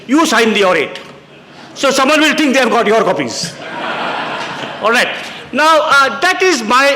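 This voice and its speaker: A man in his sixties from India tells anecdotes in a public lecture, breaking into quoted voices and restarting his phrases. His voice sits high and bright. The sound rings with the long echo of a lecture hall. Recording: echoey hall.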